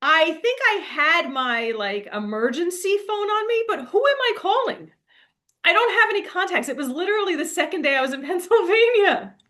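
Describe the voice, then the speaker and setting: A woman's voice: extremely high pitch, lively intonation, moderate pace, a bit bright. A young woman telling a rambling, laughing story in a casual monologue, full of fillers. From New Jersey. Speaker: spiritual coach.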